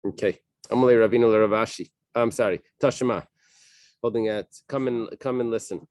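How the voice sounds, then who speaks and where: A man leading a Talmud study class, reading Aramaic passages and translating them in a casual, halting way with many fillers and restarts. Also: lowish voice, steady tone, a little mellow, no room sound. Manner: casual, thinking aloud.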